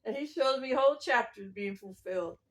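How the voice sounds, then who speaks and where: A woman with a high voice talks her way through a rambling religious testimony. She preaches in loose, wandering turns and chuckles between thoughts. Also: expressive, brisk. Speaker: self-styled prophet.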